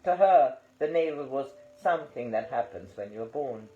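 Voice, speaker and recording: A man reading an audiobook aloud in a calm, measured way. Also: medium pitch. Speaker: audiobook reader. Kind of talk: audiobook narration. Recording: roomy, slightly dull recording.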